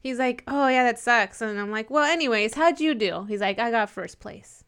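A young woman tells a personal story on a casual podcast, her voice a touch higher than most. She acts out the people in the story and laughs often as she goes. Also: expressive, normal speed, a bit bright, clean tone. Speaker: podcast co-host.

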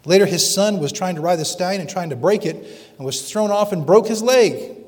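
A man preaching a sermon dramatically, slowing down for emphasis. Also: high voice, darkish tone. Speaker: pastor. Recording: long reverb of a large hall.

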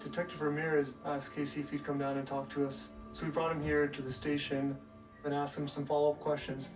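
A male police detective recounting an investigation in a measured, steady way for a documentary. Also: on the high side. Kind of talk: documentary interview. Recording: distant mic with music bed.

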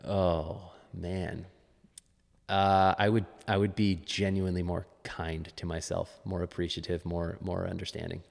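A man's voice: sits low, little pitch movement, unhurried, creaky, in a large hall. A man who is a fitness coach, chatting as a podcast guest in a musing, restarting way. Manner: musing, with frequent restarts and laughs. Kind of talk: casual interview chat.

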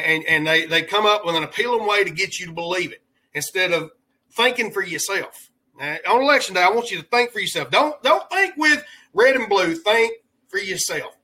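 A man's voice: sits high, pushed and bright, slight background noise, rough recording. A man hosting a podcast, giving rambling, heated political commentary in a colloquial way. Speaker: podcast host.

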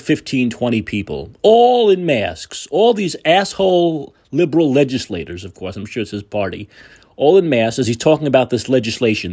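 Husky, animated man ranting. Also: medium pitch. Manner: combative, sarcastic, profane. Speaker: political talk show host. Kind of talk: opinionated monologue.

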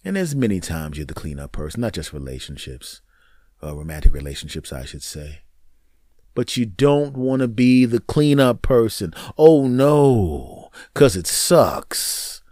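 A man's voice: mid-range voice, no room sound, clean studio sound. A man hosting his own podcast, telling a story from his life and acting out both sides of the conversation. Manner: animated, acts out both sides of the story with lively voices. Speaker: podcast host. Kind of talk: storytelling monologue.

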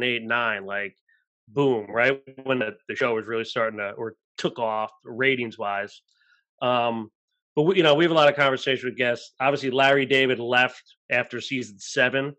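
A man co-hosting a relaxed interview podcast, asking loose, conversational questions. He keeps checking in with his guest as he goes. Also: mid-range voice. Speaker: podcast co-host. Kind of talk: casual interview.

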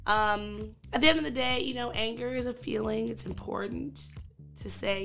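A chatty woman from the New York area, co-hosting a podcast in casual, expressive talk. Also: on the high side, moderate pace, vocal fry, soft background music. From New York or Long Island. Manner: chatty, expressive, talks with her hands. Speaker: podcast co-host. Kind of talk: casual chat.

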